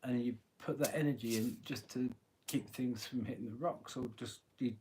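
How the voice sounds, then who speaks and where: A man with a husky voice giving a live tarot reading, chatty and rambling, often clearing his throat. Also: medium pitch, fairly even intonation, moderate pace, background noise. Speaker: tarot reader.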